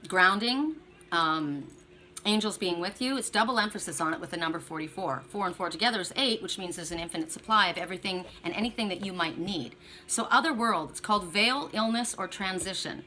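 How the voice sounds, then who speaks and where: A middle-aged woman giving an oracle card reading, speaking in a bright, forward voice. She is chatty and encouraging, talking straight to her viewers. A faint hum of room ambience sits behind her. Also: mid-range voice. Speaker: tarot and oracle card reader.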